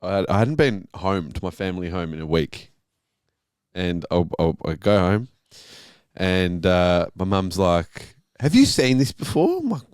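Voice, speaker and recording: Male co-host, animated storyteller, lowish pitch, dry studio sound. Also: unhurried, clear, resonant tone, no echo. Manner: animated storytelling, mimics his mum in a higher voice. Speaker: podcast co-host. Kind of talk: casual chat.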